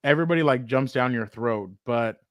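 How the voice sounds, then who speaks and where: A man's voice: medium pitch, fairly quick, fairly bright tone, no echo, clean studio sound. A man co-hosting a sports podcast, casual and playfully teasing his partner.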